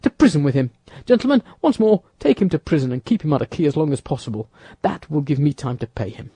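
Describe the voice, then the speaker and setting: A man reading an audiobook, voicing a shrewd young musketeer who gives brisk commands. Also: fairly high pitch, lively intonation, warm tone, breathy edge, dry recording, voice pushed up.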